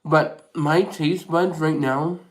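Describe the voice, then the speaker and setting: Slow-talking man chatting while eating. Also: on the high side, fairly even intonation. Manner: chatty, answers viewer comments, laughs easily. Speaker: mukbang host. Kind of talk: casual live chat while eating.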